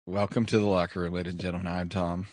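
A man's voice: deep voice, level tone, quick pace, a little mellow, dry recording, studio quality. A man hosting a podcast, telling wry stories in casual banter. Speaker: podcast host.

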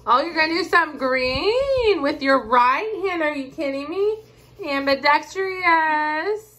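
A woman's voice: high voice, lively intonation, slow, a bit bright, low-quality recording. A mother in a casual family vlog, doting and playful, cooing praise at her young child at home.

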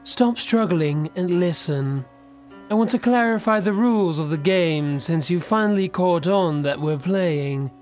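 A man voicing a calm, menacing young villain who speaks slowly in a cool, mocking drawl. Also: high-pitched, faint music behind. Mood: cold mocking. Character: cold menacing young man, calm villain toying with his old friend.

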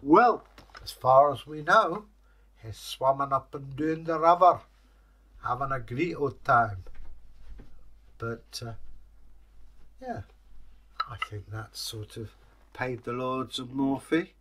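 A male storyteller hosts his channel, telling a folktale and then chatting with viewers. He rambles with filler pauses. His voice has a bright, forward tone at a middle pitch. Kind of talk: folktale storytelling, casual sign-off.

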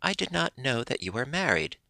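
Nosy, fussy old squirrel gentleman, gravelly and bright, read by a male narrator. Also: medium pitch, sing-song, no room sound, pitched above the performer's own voice, heavily acted. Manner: gossipy, quick and nosy.

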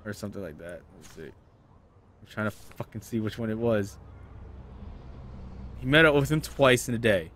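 Gamer host, man, animated up-and-down delivery, grumbling and cursing at a puzzle. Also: fairly low pitch, normal speed, long pauses, slight background noise. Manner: frustrated muttering and swearing. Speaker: gaming video host. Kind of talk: let's play commentary.

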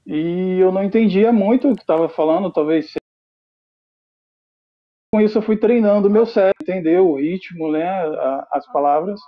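A man's voice: high-pitched, a little fast. A man from Brazil joining a live stream by video call, chatting loosely and laughing often. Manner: relaxed, laughs often, rambling. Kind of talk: casual video-call chat. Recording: dull lo-fi video call audio.

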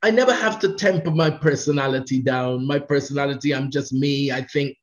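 A man's voice: medium pitch, a little fast. A man, a radio presenter, chatting in an interview, telling stories animatedly and laughing often. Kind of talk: casual interview chat. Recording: dull lo-fi sound.

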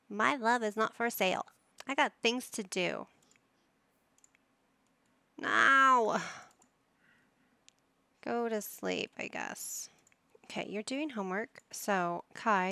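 Woman, gameplay commentary, unhurried, slight vocal fry, dry close mic. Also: mid-range voice, a bit bright, dry recording. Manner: talks to her game characters like a playful parent. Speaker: gaming YouTuber.

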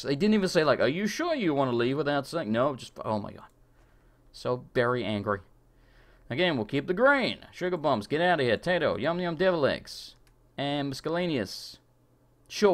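Male streamer, animated pitch, casual gameplay chatter with frustrated outbursts. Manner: chatty, quick to rant and swear in frustration. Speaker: gaming streamer. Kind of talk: live let's-play commentary.

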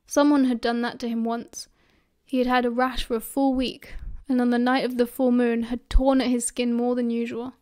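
A woman with a British accent reading a fan audiobook in steady storytelling narration. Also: fairly high pitch, moderate pace, few pauses.

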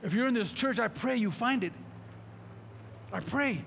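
A man's voice: very high-pitched, lively intonation, moderate pace, gravelly, a bit bright, big-room sound, slight background noise. A man pastor preaching a sermon, fervent and full of repeated rhetorical questions.

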